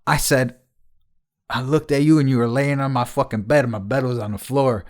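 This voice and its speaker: A man's voice: mid-range voice, fairly even intonation, brisk. A man hosting a podcast, telling rambling, profanity-laced stories to an old friend in casual chat. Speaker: podcast host.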